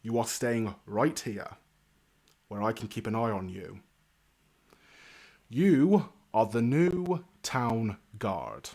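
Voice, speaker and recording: A man's voice: mid-range voice, expressive, slow, long pauses, darkish tone. A man doing a stern, grizzled old knight. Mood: commanding. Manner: clipped, commanding and formal.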